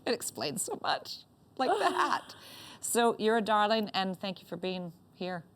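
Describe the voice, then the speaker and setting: A woman hosting a talk show, teasing her guest with quick playful asides. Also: mid-range voice, animated. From Northern Ontario, Canada. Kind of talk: casual chat.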